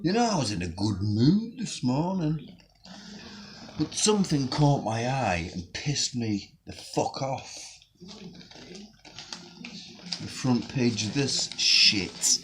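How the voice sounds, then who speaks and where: A man's voice: mid-range voice, sing-song, takes it slowly, long pauses, noisy background. A man delivering a profane, sarcastic rant on his own video channel. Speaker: vlogger. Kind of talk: angry ranting vlog.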